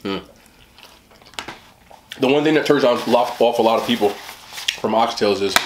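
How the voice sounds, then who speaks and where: A man's voice: medium pitch, a little slow, pauses often, reverberant, background noise. A man hosting a casual eating vlog, chatting with his mouth full about the food. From West Indian family. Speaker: mukbang host.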